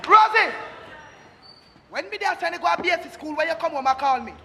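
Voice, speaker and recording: An actor playing an excitable, scolding Jamaican father in a live stage comedy, with a strong Jamaican accent. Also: very high-pitched, a little fast, heavily acted. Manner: loud, scolding, theatrical patois rants. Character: excitable Jamaican father, middle-aged man. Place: theatre stage with live audience. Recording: reverberant hall, audience noise.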